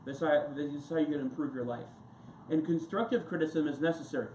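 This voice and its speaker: A male pastor speaking from the pulpit with a somewhat high voice. He preaches in a relaxed, wandering way, stopping for stories and side remarks. The sound is roomy and echoing, with a faint hum of ambience behind him. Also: fast. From United States. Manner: conversational, rambling preaching with anecdotes and asides. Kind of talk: sermon. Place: church sanctuary. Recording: echoey church room with faint ambience.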